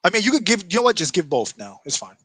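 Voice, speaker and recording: A man in casual gaming chat, animated, often laughing and restarting his sentences. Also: high-pitched, fast talker, low-quality recording. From New York. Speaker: podcast co-host.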